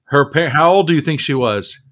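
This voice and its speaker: A man's voice: a little high, animated, a bit bright. Joking man riffing on a podcast. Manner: joking, profane, quick to act out bits. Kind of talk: casual podcast banter.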